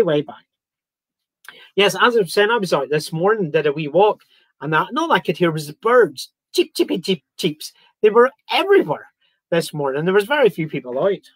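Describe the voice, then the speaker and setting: Chatty man hosting a live quiz, fairly high voice, close dry mic, banters with viewers. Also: a bit bright, no room sound. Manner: chatty, reads out viewer comments and jokes around. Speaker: quiz host. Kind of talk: live-streamed quiz chat.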